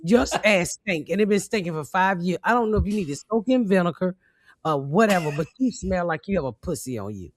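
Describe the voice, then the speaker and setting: A woman's voice: on the low side, brisk, dry recording. Brash, profane woman telling stories. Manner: brash, profane, animated storytelling. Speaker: comedian podcast host. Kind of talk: loud storytelling chat.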